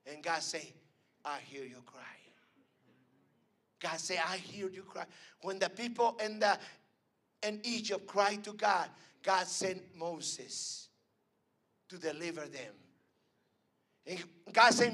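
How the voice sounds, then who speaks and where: High, bright-voiced preacher man. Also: slow pace, pauses often. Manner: emphatic preaching, swinging from loud calls to hushed lines. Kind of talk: sermon. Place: evening church service before a congregation.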